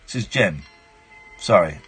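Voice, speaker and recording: Speaking into a studio microphone, a deep-voiced man hosts a late-night radio show, reading a book on air and pausing for playful asides. He sounds expressive, a little slow and fairly bright, with soft background music behind him.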